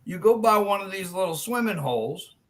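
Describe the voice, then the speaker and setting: A man hosting a live chat stream, telling long crude jokes in a loose, animated way. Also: sits high, a little fast. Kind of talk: joke telling in casual chat.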